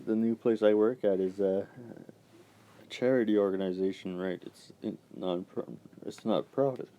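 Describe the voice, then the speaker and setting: A young man telling a rambling story about his old job, halting and swearing when worked up. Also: fairly low pitch, steady tone, dark tone, highs cut off. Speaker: vlogger. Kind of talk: casual storytelling rant.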